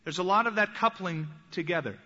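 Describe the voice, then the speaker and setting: A man delivers an earnest teaching sermon, his voice bright and forceful and sitting a little high. He slows down when he quotes scripture. The recording is muffled and lo-fi, with the long reverb of a large hall. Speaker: pastor.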